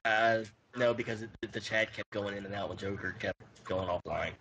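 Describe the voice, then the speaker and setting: A man's voice: lowish voice, normal speed, sharp tone, lo-fi sound, slight background noise. A man hosting a casual wrestling podcast, loose and joking, laughing often. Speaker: podcast host. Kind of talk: casual chat.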